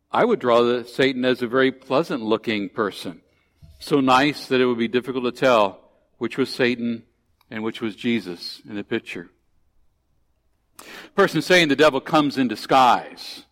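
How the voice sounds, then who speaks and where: A male pastor preaches in a church, telling stories in a folksy way, with fillers and restarts. His voice sits at a middle pitch. A long reverb from the hall trails after his words. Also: fairly bright tone. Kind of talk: sermon.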